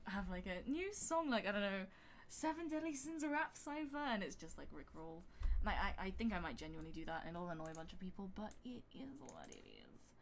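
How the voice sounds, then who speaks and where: A woman's voice: fairly low pitch, huge pitch swings, quick pace, creaky, a little hiss or hum. A woman chatting casually on a live stream while making music, rambling with lots of fillers and reading out chat. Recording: music playing behind the voice.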